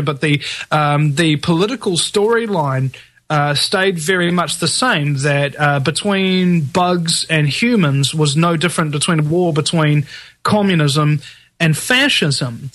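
A male guest in a casual conversation talks in an animated, disbelieving way and rambles through his points with fillers. His voice is high and bright. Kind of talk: casual chat.

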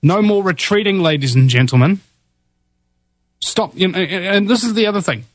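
A man's voice: high-pitched, lively intonation, normal speed, no room sound. A man hosting a talk radio show, full of fillers and restarts, turning to emphatic, preaching delivery. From New Zealand. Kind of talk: impassioned political talk.

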